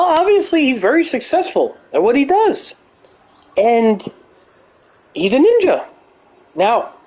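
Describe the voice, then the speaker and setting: A man doing a comedic impression of an older male pundit who lectures in a strained, halting way with drawn-out "well"s. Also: very high voice, darkish tone, voice pushed up, exaggerated voice. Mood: pedantic.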